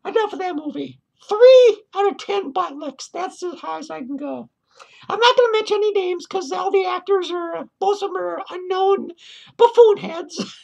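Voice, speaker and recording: The voice is a man's, very high-pitched and gravelly with a darkish tone, at normal speed. He portrays a lonely, foul-mouthed woman clown giving an irritated, profane movie review rant, laughing between lines for comic effect.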